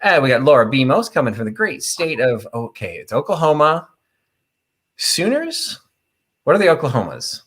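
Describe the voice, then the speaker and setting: A man's voice: medium pitch, wildly swooping pitch, normal speed, a bit bright, husky. A middle-aged man from Illinois hosting a live online vintage sale, chatting in a rambling way and greeting viewers by name. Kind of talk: casual live-stream chat.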